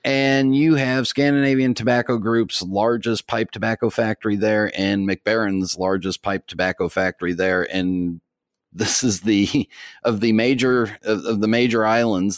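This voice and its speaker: A man's voice: lowish voice, moderate pace, no echo, studio quality. A man talking as a pipe tobacco expert on a podcast, rambling with restarts and fillers. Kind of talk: casual podcast chat.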